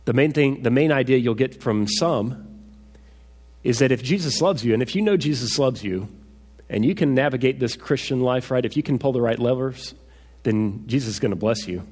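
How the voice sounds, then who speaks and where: A pastor preaching in an echoey hall. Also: male voice, mid-range voice, normal speed, darkish tone, husky. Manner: conversational, asks rhetorical questions. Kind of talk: sermon.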